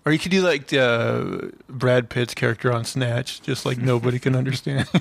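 A man's voice: medium pitch, normal speed, creaky, no room sound. A man co-hosting a comedy podcast, chatting loosely with lots of fillers and laughs. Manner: rambling, filler-heavy, laughing. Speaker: podcast co-host. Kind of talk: casual comedy podcast chat.

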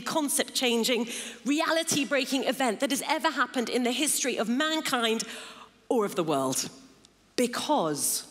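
A middle-aged woman preaching a sermon in a large church, building emphatic lists of phrases. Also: on the high side. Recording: long hall reverb.

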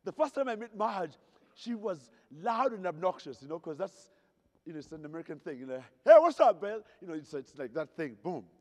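A man's voice: a little high, expressive, a little fast. A man from Zaire giving a humorous storytelling keynote, playfully asking the audience questions, in a hotel ballroom at a convention. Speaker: keynote speaker. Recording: reverberant convention hall.

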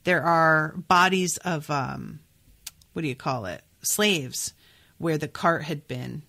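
A woman hosting a podcast, chatting casually about a book and reading passages aloud, thinking out loud with lots of fillers. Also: sits low, takes it slowly, creaky. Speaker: podcast host.

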